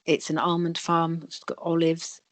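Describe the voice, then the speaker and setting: A woman guest on a video call interview, calmly explaining energy healing. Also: fairly low pitch, moderate pace, no room sound. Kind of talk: interview answers.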